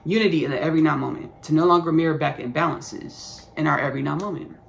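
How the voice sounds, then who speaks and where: A woman's voice: low voice, quick pace, gravelly, a little hiss or hum. A woman in her thirties with a Texan Southern accent, rambling casually through a spiritual podcast monologue full of repetition and jargon. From Austin, Texas. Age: 30s. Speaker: podcast host.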